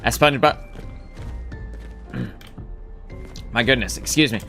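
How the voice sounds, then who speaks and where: A man's voice: medium pitch, slow pace, sharp tone, faint music behind. A man streaming a game live, rambling casually as he thinks aloud and swears now and then. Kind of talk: casual gameplay commentary.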